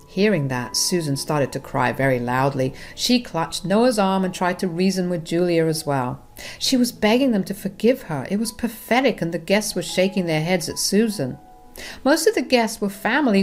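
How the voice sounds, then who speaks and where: Woman, narrator, conversational, speaks to listeners, slightly low pitch. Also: lively intonation, moderate pace, soft background music. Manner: conversational, addresses listeners directly. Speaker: storyteller. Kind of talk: first-person story narration.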